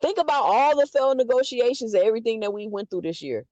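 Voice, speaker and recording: A woman giving an opinionated boxing commentary, emphatic and full of rhetorical questions. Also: on the high side. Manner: animated, emphatic, rhetorical questions, quick restarts. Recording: dull lo-fi dry sound.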